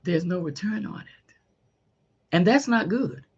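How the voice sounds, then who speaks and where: A middle-aged woman hosting a podcast, giving a faith-based motivational talk in a folksy, animated way and calling listeners honey. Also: fairly low pitch, unhurried, breathy edge, lo-fi sound. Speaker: podcast host.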